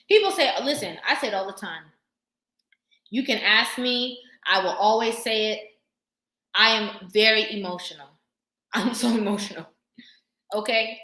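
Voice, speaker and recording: A woman vlogger talking casually to camera, sassy and animated, laughing often. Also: medium pitch, echoey room.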